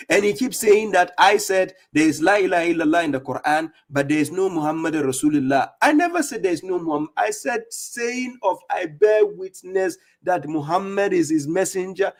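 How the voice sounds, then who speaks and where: A man giving scolding religious commentary on a live stream, mocking opponents and reading verses slowly. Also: high-pitched. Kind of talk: preaching commentary on played clips.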